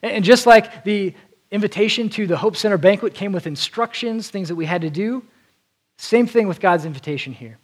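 A male preacher with a high voice gives an earnest Sunday sermon. He talks directly to his congregation and repeats a word now and then as he presses his points. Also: brisk. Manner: earnest, repeats words as he restarts.

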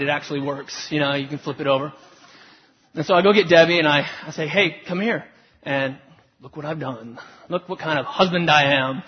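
A man's voice: on the high side, breathy edge. A man preaching a sermon to his congregation, telling self-deprecating stories about his marriage in a conversational way. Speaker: pastor. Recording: lo-fi recording with long hall reverb.

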